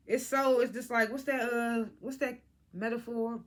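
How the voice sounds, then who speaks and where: Vlogger reviewing a tv episode, talks blunt and lively, drops curse words, voice sits in the middle. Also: mid-range voice, moderate pace. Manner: animated, blunt, swears freely, quotes cast members. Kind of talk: casual spoken episode review.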